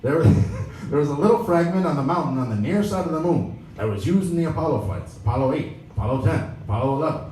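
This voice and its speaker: A man reading aloud puts on a sharp older astronaut who talks like a sports announcer, crisp and upbeat. The voice sits well above the reader's own and carries more punch. It is picked up from across a roomy space. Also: a little high, lively intonation, fast talker, a little hiss or hum, pitched above the performer's own voice, close to an everyday voice. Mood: cheerful. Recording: roomy live recording from a distance.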